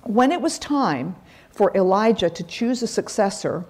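A woman's voice: mid-range voice, big pitch swings, a little slow, darkish tone, slightly rough. Woman teaching a dramatic Bible lesson. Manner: dramatic reading with emphatic quoted lines. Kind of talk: Bible lesson, reading scripture aloud.

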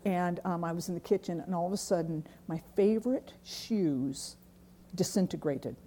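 A woman's voice: mid-range voice, expressive, brisk, mellow. A woman teaching a weekly Bible class, speaking earnestly and repeating key phrases for emphasis. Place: church classroom.

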